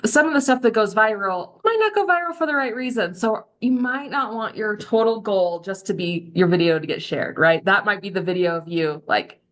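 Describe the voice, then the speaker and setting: A woman's voice: mid-range voice, vocal fry. Chatty woman coaching on a video call. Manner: chatty, candid storytelling with lively quoted voices. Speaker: social media coach. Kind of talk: live online training talk.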